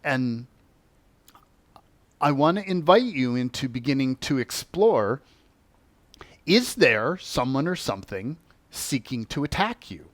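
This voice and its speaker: A man who teaches on spiritual topics, telling a personal story in an animated way and acting out the voices he quotes. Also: mid-range voice, takes it slowly, long pauses, no room sound.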